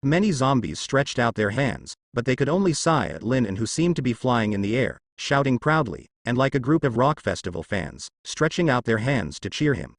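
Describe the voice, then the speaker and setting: A man narrating a web novel audiobook in a steady, scripted reading, recorded close and dry. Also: medium pitch, normal speed, hardly any pauses, no echo.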